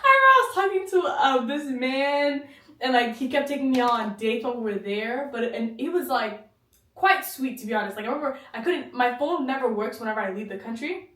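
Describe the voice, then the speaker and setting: A young woman co-hosting a casual podcast chat, animated and joking, often trailing off and restarting. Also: high-pitched, a little fast. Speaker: podcast co-host. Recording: roomy echo, mic at a distance.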